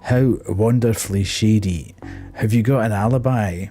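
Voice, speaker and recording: A man voicing a weary male detective in a game, with a Scottish accent and a dry, deadpan delivery. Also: lowish voice, normal speed, faint music behind, close to an everyday voice.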